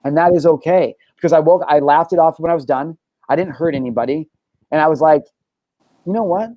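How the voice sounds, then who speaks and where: A man's voice: on the high side, fairly even intonation, fast, no room sound, dull audio. A man hosting a podcast, talking candidly and emphatically, swearing often and restarting his sentences. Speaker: show host.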